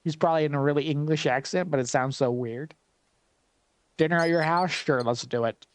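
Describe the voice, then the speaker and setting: Male gameplay commentator, wry and chatty, thinks aloud, slightly high voice. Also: a little fast, clear, resonant tone, no echo.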